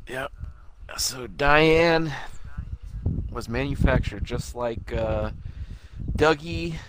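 Brief: laid-back, dry male co-host, mid pitch, noisy mic. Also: drawn-out words. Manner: laid-back, dry, short agreeing replies. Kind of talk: casual chat about a TV show.

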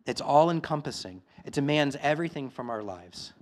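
A male pastor preaching a sermon, moving from quiet, reflective passages to loud, emphatic declarations. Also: on the high side, animated, normal speed.

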